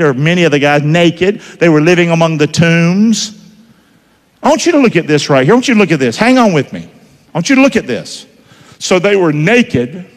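A man preaching a sermon in a church, folksy, quizzing the congregation and swinging between loud and hushed. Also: on the high side. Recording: reverberant church hall.

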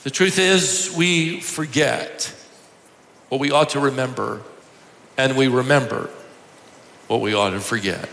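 Bright-voiced preacher in an echoey hall. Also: male voice, mid-range voice, a little slow, gravelly, long pauses. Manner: humorous storytelling with chuckles. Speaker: pastor. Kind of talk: sermon. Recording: echoey hall, faint noise.

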